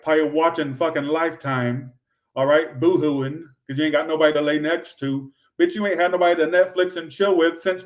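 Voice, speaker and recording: Brief: brash male tarot streamer, a bit high-pitched, swears freely, rambles to his chat. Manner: sassy, profane, rambling, talks straight to viewers. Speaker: tarot reader. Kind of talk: livestream tarot reading.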